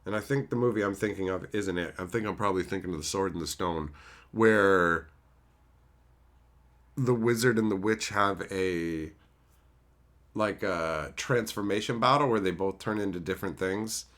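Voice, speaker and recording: A man's voice: deep voice, moderate pace. A man streaming live and casually answering chat about movies, rambling and swearing freely as he talks. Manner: rambling, profane, animated.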